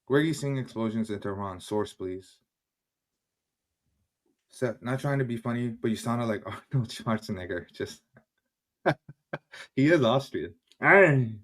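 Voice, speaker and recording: A man's voice: mid-range voice, lively intonation, normal speed, pauses often. A man hosting a casual livestream from his home kitchen, answering chat in a heated, frustrated way and swearing often. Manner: heated, swearing, switches between English and German. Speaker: livestream host.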